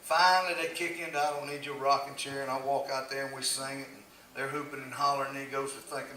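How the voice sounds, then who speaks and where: A man's voice: mid-range voice, little pitch movement, fast, hardly any pauses, sharp tone. An older man telling casual, laughing stories about his years as a country singer. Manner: folksy, laughing, drawling storyteller. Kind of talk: casual storytelling. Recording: echoey, distant, noisy live room.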